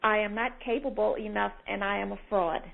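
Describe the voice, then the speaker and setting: A woman client on a coaching phone call, talking in a hesitant, soft-spoken way. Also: mid-range voice, fairly even intonation, brisk, slight background noise. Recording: gravelly voice over a phone line.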